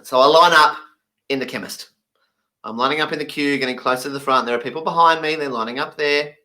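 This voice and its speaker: A man voicing a stand-up comedy routine in a lively, emphatic, playful way. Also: fairly high pitch, quick pace.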